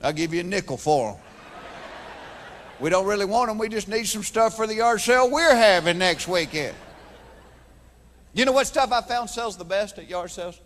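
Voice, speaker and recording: This Georgia comedian's high, fairly bright voice has lively intonation, a moderate pace and long pauses, ringing through a large hall. Speaking with a Southern accent, he performs a folksy stand-up routine on a big theater stage before an audience, telling stories with voices.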